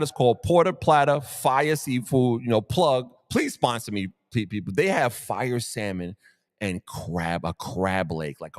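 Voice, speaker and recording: A man hosting a live motivational talk show, animated and preachy, repeating quotes for emphasis. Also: fairly low pitch. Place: Brooklyn area. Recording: long hall-like reverb.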